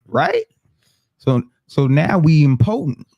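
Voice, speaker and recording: A man's voice: on the high side, wildly swooping pitch, slow, gravelly, dry recording, muffled recording. A man hosting a casual political talk show, reading viewer comments aloud and laughing often. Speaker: podcast host.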